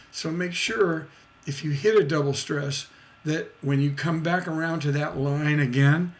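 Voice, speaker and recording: A man teaching songwriting on a livestream. He talks casually with fillers and restarts, and sings out rhythms with beat sounds. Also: fairly high pitch. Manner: demonstrates rhythms by vocalizing beats; chatty, with many fillers and restarts.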